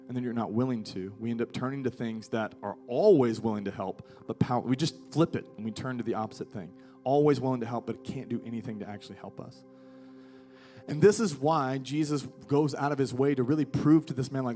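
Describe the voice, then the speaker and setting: A pastor in his thirties preaches live to an audience in a church hall, starting off casual and conversational and becoming emphatic. His medium-pitched, warm voice moves at a fairly quick pace over soft background music.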